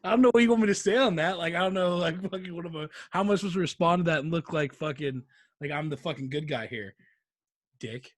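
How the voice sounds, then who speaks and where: A man's voice: on the high side, quick pace. A young man co-hosting a podcast, defending himself with laughs and lots of swearing. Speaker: podcast co-host. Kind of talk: casual chat.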